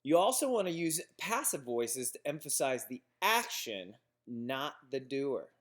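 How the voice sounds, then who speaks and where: A man's voice: medium pitch, sing-song, unhurried, a bit bright. A male instructor giving a recorded lecture on business writing. He explains examples plainly, with restarts and fillers.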